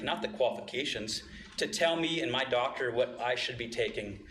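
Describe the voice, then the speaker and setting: A man's voice: mid-range voice, normal speed, a little hiss or hum. Man, impassioned public comment, emotional and emphatic, echoey meeting room. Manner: emotional, emphatic, rising to loud outbursts. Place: public board meeting hall.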